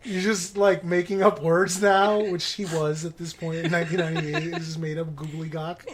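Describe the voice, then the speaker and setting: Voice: mid-range voice, level tone, normal speed, a little hiss or hum. Podcast host, rambling comic retelling, frequent swearing and laughter.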